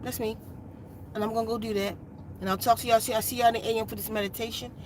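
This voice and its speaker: Her voice is on the high side, steady and fast, with a little hiss or hum in the audio. The meditation channel host recounts a personal story from her RV in an earnest, repetitive, emphatic way.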